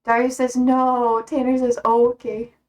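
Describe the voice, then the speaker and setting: A young woman streamer chatting casually, reading out viewer comments, blunt and quick to swear and laugh. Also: a little high, level tone.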